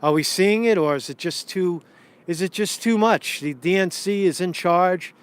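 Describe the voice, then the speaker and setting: A man with a slightly high voice streams live political commentary on a phone while walking a city street. He rants and swears, doubles back on his own sentences, and sounds a little winded. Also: normal speed, clear, resonant tone. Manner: ranting, profane, rambling with many restarts. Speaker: political vlogger.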